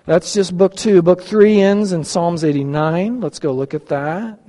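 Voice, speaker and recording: A male pastor delivers an eager teaching sermon, often tossing questions out to his listeners. His voice sits high for a man. The sound carries a long, lingering hall reverb. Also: measured pace, dark tone. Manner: enthusiastic, asks the audience questions.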